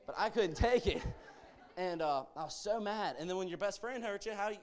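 A man's voice: sits high, expressive, fairly quick. A young man giving an informal, earnest church sermon as a guest speaker, urging his listeners on with conversational asides.

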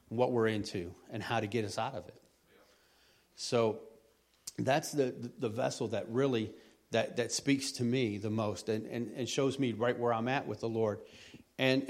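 Rambling middle-aged man preaching. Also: mid-range voice. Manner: rambling, repeats words, folksy. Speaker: lay preacher. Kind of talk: conversational sermon.

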